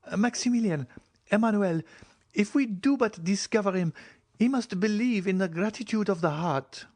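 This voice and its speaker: A male audiobook reader voicing an emotional young woman who pleads eagerly, his voice lifted high. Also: moderate pace, a little mellow, dry recording. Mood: pleading. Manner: raised, breathless pleading. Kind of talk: audiobook character reading.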